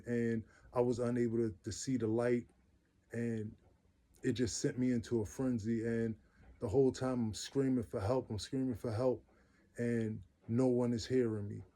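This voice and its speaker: A man's voice: mid-range voice, dark tone. A man telling his own life story in a casual, earnest way, repeating phrases for emphasis. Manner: loose everyday speech with restarts.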